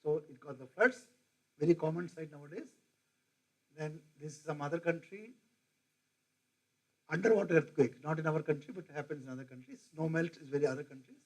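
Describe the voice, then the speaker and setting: A middle-aged man, a professor, lecturing in a halting way with many fillers and asides. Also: fairly high pitch, a little mellow, poor audio.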